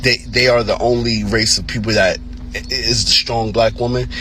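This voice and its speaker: A man's voice: medium pitch, fairly even intonation, normal speed, bright, forceful tone, slight background noise. A man giving emphatic, repetitive commentary with many restarts.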